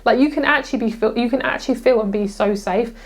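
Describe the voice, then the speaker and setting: A young woman giving a casual pick-a-card tarot reading, gushing and excitable, with frequent swearing. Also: a little high, fast. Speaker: tarot reader.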